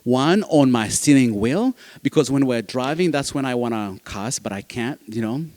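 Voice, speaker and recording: A man's voice: medium pitch, lively intonation, moderate pace, darkish tone. A man, a foster dad giving a heartfelt speech to an audience, earnest, repeating phrases and restarting sentences. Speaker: foster parent speaking at a summit.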